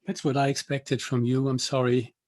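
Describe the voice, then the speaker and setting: A man's voice: mid-range voice, little pitch movement, moderate pace, a little mellow. A man moderating a discussion in a loose, chatty way. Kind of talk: casual chat.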